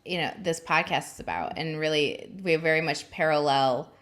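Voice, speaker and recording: A woman's voice: low voice, moderate pace, fairly bright tone. A woman hosting a podcast, thinking aloud in a reflective, affirming way during a casual interview. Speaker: podcast host.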